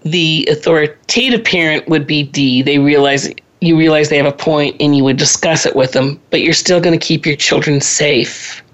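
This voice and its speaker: A woman in her sixties hosts a parenting talk, giving a conversational lecture full of chatty asides and personal stories, often laughing at herself. Her low voice has fairly even intonation and a moderate pace with few pauses, and the audio sounds dull.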